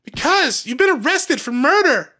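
A man voicing a perky, cheerful young female sidekick in a high, chirpy voice. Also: very animated, normal speed, pushed and bright, a little hiss or hum, full character voice.

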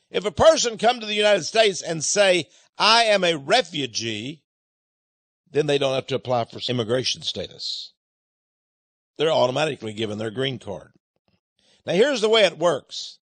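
A man's voice: a little high, a bit bright, dry recording. A man hosting a radio monologue, speaking emphatically and urgently and addressing his listeners as friends. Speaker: radio host.

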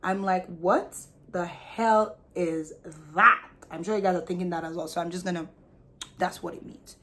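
Expressive young Nigerian woman vlogger. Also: on the low side, moderate pace. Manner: animated, expressive storytelling with frank slang. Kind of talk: casual storytime vlog.

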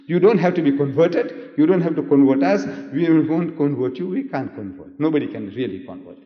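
A man's voice: fairly high pitch, sing-song, a little fast. A man giving a public debate lecture, emphatic and rhetorical, firing questions at the audience and getting them to repeat after him. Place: large lecture hall. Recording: old echoey hall recording, dull sound.

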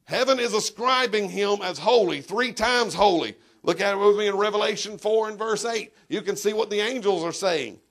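High-pitched gravelly preacher. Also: male voice, normal speed, hardly any pauses. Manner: emphatic preaching with sudden shouts and asides to the congregation. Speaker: pastor. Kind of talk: sermon. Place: church.

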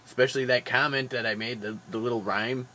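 A man rambles through his daily vlog, tired but jokey and animated. His voice sits at an ordinary middle pitch and is full of fillers and quick asides. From Wisconsin. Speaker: vlogger. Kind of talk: casual daily vlog chat.

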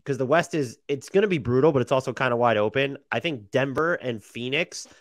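A man's voice: mid-range voice, fairly quick, no echo, studio quality. A man hosting a podcast chat who steers the talk with questions. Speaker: podcast host.

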